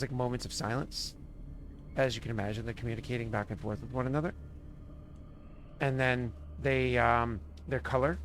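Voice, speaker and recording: A man running a tabletop game as game master, talking in loose, rambling stretches full of fillers. His pitch sits at an ordinary middle. Faint music plays underneath. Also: a bit bright.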